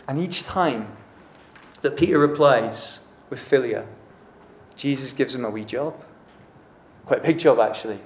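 A man's voice: mid-range voice, measured pace. A man preaching a casual, chatty sermon, often acting out the dialogue. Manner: conversational, uses "like" and acts out dialogue. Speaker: pastor. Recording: echoey room.

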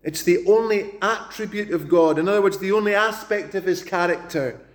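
A man preaching a sermon, emphatic, repeating words for stress and slowing down when he quotes scripture. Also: sits high.

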